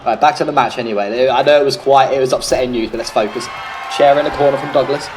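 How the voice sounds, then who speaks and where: A man's voice: mid-range voice, steady tone, quick pace, slight background noise, low-quality recording. A British man doing casual, rambling solo play-by-play commentary of a wrestling video game, swearing freely and drifting into jokey tangents.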